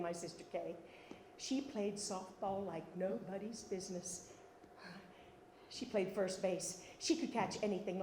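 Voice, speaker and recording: A woman's voice: medium pitch, darkish tone, roomy sound, slight background noise. An older woman telling a wry, funny life story as a one-woman stage monologue. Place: theatre stage.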